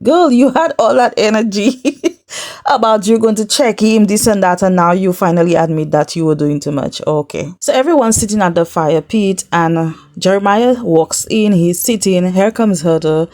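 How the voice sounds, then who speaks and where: A woman's voice: medium pitch, normal speed, a little mellow. Sassy chatty woman recapping reality TV. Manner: sassy, chatty, talks straight to viewers and the cast. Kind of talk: casual recap commentary to camera.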